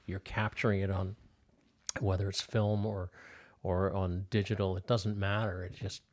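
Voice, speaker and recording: A man's voice: low-pitched, flat delivery, moderate pace. An older man, a filmmaker guest on a podcast, telling stories casually with lots of fillers and restarts. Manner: rambling, many restarts and fillers. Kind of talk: casual storytelling interview.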